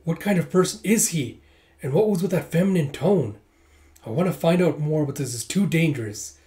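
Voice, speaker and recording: A man reading a manga aloud and voicing a poised, sharp-witted young woman. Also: fairly high pitch, expressive, moderate pace, close to an everyday voice. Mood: composed. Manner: poised, polite.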